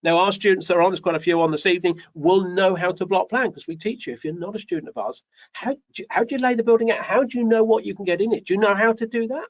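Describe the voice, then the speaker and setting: A man's voice: sits high, fast, highs cut off. A man hosting a live show, giving business advice with lots of rhetorical questions and repetition. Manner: animated, rhetorical questions, repeats phrases. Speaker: host.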